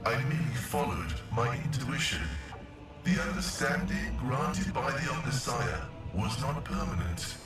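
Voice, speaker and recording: A solemn cyborg tech priest in a video game, speaking through a vox synthesizer in formal, mechanical phrases. His voice booms with heavy echo from far away. Game music plays underneath it. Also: sing-song, a little slow. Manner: formal, stilted machine-like phrasing. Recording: very echoey distant voice over game music.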